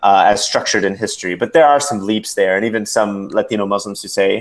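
A man speaking as a podcast guest in casual conversation, lively and acting out quoted voices. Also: on the low side, fast. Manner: animated storyteller, acts out quotes.

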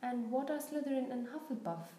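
A woman reading aloud and voicing a quiet, curious young boy wizard with a plain, subdued manner. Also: high-pitched, animated, brisk, roomy sound, a little hiss or hum, voice pushed up.

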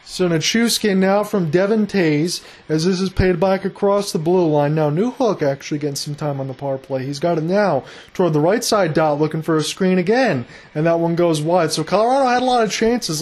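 A man calling live hockey play-by-play, rapid and excited, rising with the action. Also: sits high. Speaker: play-by-play announcer.

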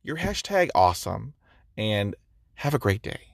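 Slow-talking man with a stutter. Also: lowish voice, very animated, creaky, no echo, studio quality. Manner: effusive, complimentary. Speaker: caller. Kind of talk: recorded voice message.

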